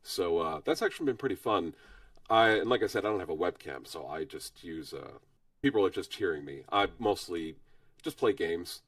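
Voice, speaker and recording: A man with a husky voice, hoarse from a cold, chatting modestly as a guest on a livestream and pausing often with fillers. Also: low voice, animated, no echo, far from the mic. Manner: modest, halting with frequent fillers. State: hoarse from illness. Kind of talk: casual chat.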